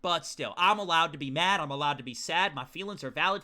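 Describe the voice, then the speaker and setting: Male streamer, high and bright voice, ranting and swearing over a game, faint music underneath. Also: fast talker, hardly any pauses. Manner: excitable, ranting, swears often. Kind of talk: live game commentary.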